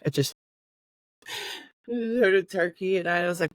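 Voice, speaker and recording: A woman co-hosting a podcast in casual chat, relaxed and rambling, building analogies as she talks. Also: fairly low pitch, a little slow, dry recording. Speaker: podcast co-host.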